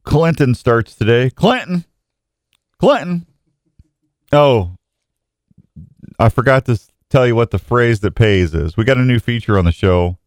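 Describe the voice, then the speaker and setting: A man's voice: mid-range voice, a little fast, few pauses, no room sound, clean studio sound. A middle-aged man hosting a radio show, talking in a folksy, rambling way. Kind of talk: casual radio talk.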